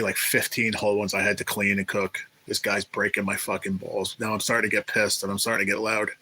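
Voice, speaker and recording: A livestream host with a lowish, husky voice and sharp tone chats casually with viewers, reading the chat aloud. He tells rambling, profane stories about his days as a restaurant cook, and the recording is rough.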